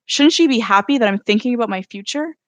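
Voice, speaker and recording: A woman author reading her own novel aloud in a steady first-person narration during a live stream. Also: fairly high pitch, fast, no room sound.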